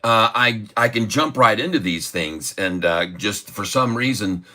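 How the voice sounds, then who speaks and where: A man hosting a live trading stream, rambling excitedly and laughing often. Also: lowish voice, unhurried. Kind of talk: live stream chart commentary.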